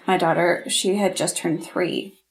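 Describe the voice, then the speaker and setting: A woman's voice: fairly low pitch, steady tone, a little slow, rough recording. A middle-aged woman, a podcast guest, telling a painful personal story in an earnest, heartfelt way. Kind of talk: candid interview storytelling.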